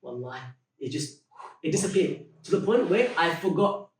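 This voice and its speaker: A young man with a high voice tells a story as a podcast guest. He is animated, acts out what people in the story said, and laughs his way through the punchlines. He sits away from the mic in an echoey room. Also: moderate pace. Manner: peppers speech with religious expressions. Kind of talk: casual storytelling chat. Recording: roomy echo, mic at a distance.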